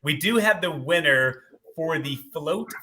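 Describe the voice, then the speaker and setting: A man hosting a casual live-stream show, upbeat and quick to agree. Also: a little high, lively intonation, sharp tone, slight background noise. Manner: upbeat, repeats yep and agreed. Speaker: host of a live tailgating show.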